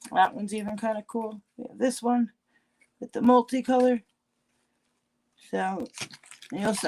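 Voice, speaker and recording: A woman's voice: on the high side, a little hiss or hum, low-quality recording. A middle-aged woman hosting a casual craft livestream, rambling as she works and answering viewers in the chat. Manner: rambling, warm toward chat viewers, many restarts.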